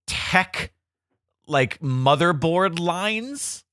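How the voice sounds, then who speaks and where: A man's voice: a little high, lively intonation, extremely slow, sharp tone, dry recording, studio quality. A man hosting a casual podcast quiz, reading out questions and teasing the contestant playfully. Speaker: quiz host.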